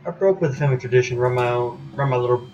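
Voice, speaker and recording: A man's voice: mid-range voice, muffled recording, close to an everyday voice. A man voicing a creepy cheerful butcher host. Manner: drawn-out, oddly stressed words. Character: creepy grinning male butcher-innkeeper. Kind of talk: reading game dialogue aloud.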